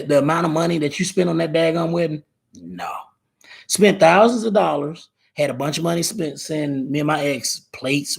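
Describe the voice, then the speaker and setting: The live show host is a man in his thirties whose slightly high voice sounds creaky and breathy. On his casual stream he wanders from point to point, repeats words, and reads out what viewers write.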